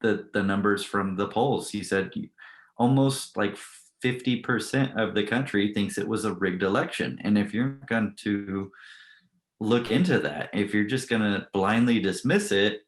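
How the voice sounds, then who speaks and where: A man's voice: fairly low pitch, a little slow, reverberant. A man giving blunt opinions in a casual panel chat. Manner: animated, blunt opinion talk. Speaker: co-host.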